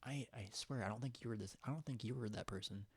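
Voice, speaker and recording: A man's voice: medium pitch, fast talker, breathy edge, dry recording. A young man hosting a casual livestream, rambling and giggling as he chats with viewers and reads their comments. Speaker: livestream host.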